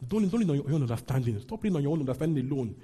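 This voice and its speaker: A man's voice: mid-range voice, very animated, very fast, warm tone, slightly rough. A man preaching a sermon as pastor, leading his congregation in call-and-response scripture reading. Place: church with a congregation.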